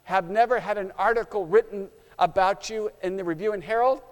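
High-voiced male preacher, dramatic storytelling. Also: brisk. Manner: dramatic storytelling, acting out scenes. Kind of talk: sermon. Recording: long hall reverb.

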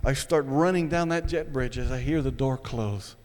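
A man telling a personal story to an audience, retelling it in an animated, dramatic way. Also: medium pitch, moderate pace. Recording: echoey hall.

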